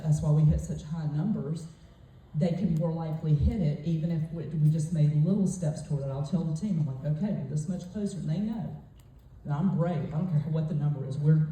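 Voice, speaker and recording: A woman's voice: low voice, a little fast, mellow, distant mic. A woman gives a forthright, emphatic motivational talk, telling a story to a retreat audience. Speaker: motivational speaker at a sales retreat. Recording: echoey hall, voice off-mic.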